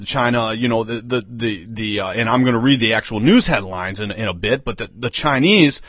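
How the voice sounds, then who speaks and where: A man's voice: mid-range voice, normal speed, hardly any pauses, dry recording. A man hosting an online radio show, delivering a rambling, emphatic monologue that repeats itself. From United States. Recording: dull lo-fi dry audio.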